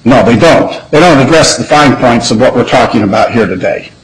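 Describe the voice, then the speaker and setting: Man, attorney, appellate oral argument, mid-pitched voice, measured and deliberate, frequent restarts. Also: expressive, poor audio.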